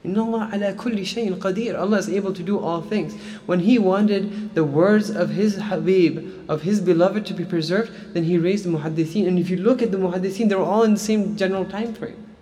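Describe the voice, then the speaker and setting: A man's voice: sits high, a little fast, few pauses, warm tone, in a large hall. A man teaching Islamic studies in a casual lecture style, talking conversationally and often checking in with "right?". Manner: conversational, frequent "right?" and "like" fillers.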